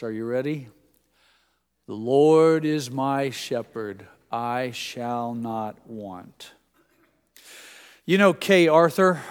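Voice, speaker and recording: An older man preaching a sermon to his congregation, conversational in tone with dramatic shifts from quiet to loud. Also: medium pitch, clear, resonant tone. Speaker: pastor. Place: church sanctuary. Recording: long hall reverb.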